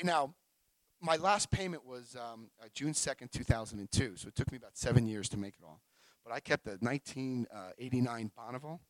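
A middle-aged man sharing his recovery story at a meeting, telling it in an emotional, animated way. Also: medium pitch, brisk, no room sound, rough recording.

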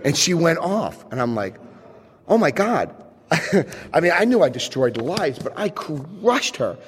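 Telling a personal story to an audience, this man has a lively, swooping voice that climbs high when he gets worked up; it's a little slow and husky. He laughs often and acts out the people he quotes. A long reverb trails behind him, like in a big hall.

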